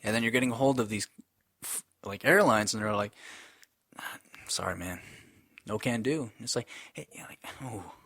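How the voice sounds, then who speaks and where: A man's voice: fairly low pitch, fairly even intonation, brisk, fairly bright tone, dry recording, clean studio sound. A man in his twenties co-hosting a podcast, ranting with lots of swearing and acting out quoted voices in casual chat. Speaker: podcast co-host.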